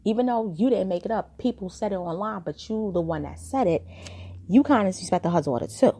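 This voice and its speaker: A woman's voice: mid-range voice, expressive, a little fast, mellow, slightly rough. A woman casually recapping a reality TV episode, chatty and gossipy, acting out the quoted lines as she retells them.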